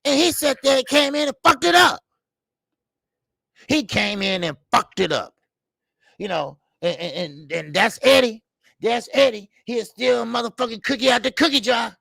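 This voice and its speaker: Gravelly, profane man ranting about boxing. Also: extremely high pitch, animated, normal speed, a bit bright, no echo. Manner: profane, heated, repetitive ranting; reads viewer names and Super Chats. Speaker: boxing talk show host. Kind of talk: live-stream call-in rant.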